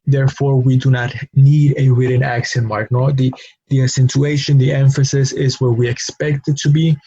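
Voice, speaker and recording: A man gives a patient lesson in a flat, mellow voice, repeating his points and checking in with a questioning "no?". The sound is dull and lo-fi, a little husky, with a dry close feel. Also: medium pitch, normal speed. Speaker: language teacher. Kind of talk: recorded classroom lesson.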